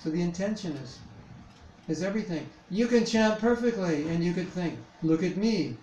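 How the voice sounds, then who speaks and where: A man's voice: high-pitched, animated, normal speed, darkish tone. A man leading a devotional chanting workshop in a temple hall, talking conversationally with rhetorical questions and frequent "you know"s. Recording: echoey hall, distant mic, background noise.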